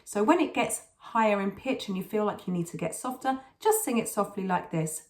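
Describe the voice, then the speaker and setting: A woman's voice: medium pitch, animated, fairly quick, darkish tone, soft background music. A woman teaching an online singing lesson, encouraging and repeating words for emphasis.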